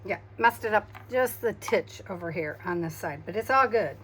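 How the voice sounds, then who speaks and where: A woman, tired after a migraine, chatting softly to herself while she crafts, humming and murmuring as she works. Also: medium pitch, lively intonation, normal speed, a little hiss or hum. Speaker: craft video host.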